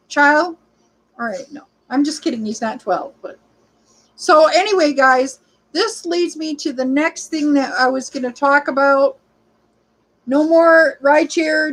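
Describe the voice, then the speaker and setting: A woman's voice: high voice, fairly bright tone, rough recording. A woman in her early forties chatting on a livestream, rambling and greeting viewers by name, sometimes short of breath. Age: 40s. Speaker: livestreaming rideshare vlogger. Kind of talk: casual livestream chat reading comments.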